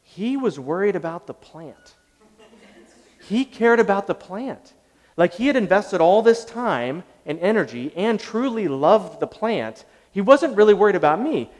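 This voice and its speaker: Animated man telling a story in an echoey hall. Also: sits high. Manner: animated, conversational, self-deprecating. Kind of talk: storytelling talk.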